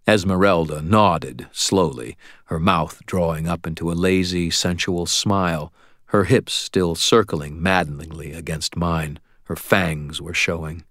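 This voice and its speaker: A man's voice: low voice, measured pace, fairly bright tone, no echo. A man narrating a first-person audiobook with a wry, dry delivery.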